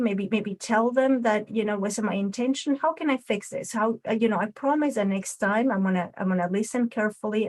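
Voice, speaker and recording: Raccoon puppet, voiced by a woman: a brash little male raccoon who fires back quick and pushy in a mid-pitched voice. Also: a little mellow, natural voice.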